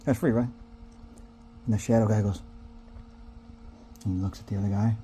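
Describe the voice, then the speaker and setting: A man's voice: lowish voice, steady tone, moderate pace, mellow, slight background noise. A man telling a rambling comic story in a drawling, folksy way, acting out the people in it. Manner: drawling, folksy, digressive, acts out characters. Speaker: comedic storyteller.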